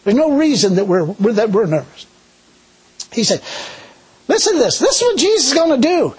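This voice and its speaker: A middle-aged man preaching a sermon in a folksy, animated way, laughing often. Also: very high voice, moderate pace, long pauses, slightly rough, low-quality recording.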